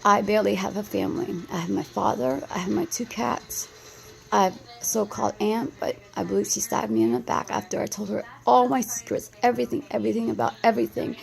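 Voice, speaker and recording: A woman's voice: medium pitch, steady tone, brisk, creaky. A woman in her thirties from the United States, talking anxiously and rambling in an emotional vlog response, with many restarts. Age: 30s.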